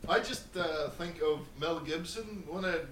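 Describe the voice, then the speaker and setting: A man's voice: on the high side, measured pace, a bit bright, poor audio. A man co-hosting a podcast in casual chat, joking and teasing his friends. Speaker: podcast co-host. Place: indoor room, apartment.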